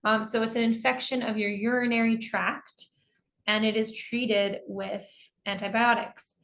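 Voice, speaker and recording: A woman's voice: on the high side, level tone, unhurried, a bit bright. An American woman teaching an online English class, explaining terms patiently with examples and reading out students' answers.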